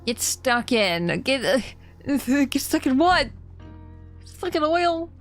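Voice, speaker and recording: A woman's voice: high-pitched, very animated, takes it slowly, soft background music. Giggly young woman streaming a game. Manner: giggly, chatty, easily startled. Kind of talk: casual live-stream commentary.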